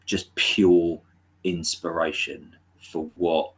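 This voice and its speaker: A man's voice: low-pitched, little pitch movement, takes it slowly, breathy edge. A man co-hosting a casual film discussion, talking enthusiastically and restarting his sentences. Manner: enthusiastic, chatty, trails off and restarts. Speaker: podcast co-host.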